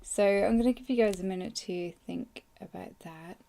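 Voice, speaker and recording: Hoarse woman, gravelly and mellow. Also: mid-range voice, normal speed. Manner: rambling, chatty, many fillers. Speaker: podcast host. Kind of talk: casual live journaling session.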